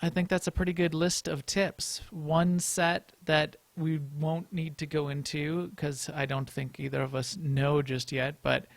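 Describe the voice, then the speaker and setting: A man's voice: a little high, level tone, a little slow, hardly any pauses, dry recording. A man co-hosting a casual gaming podcast, rambling and restarting as he thinks aloud. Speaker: podcast co-host.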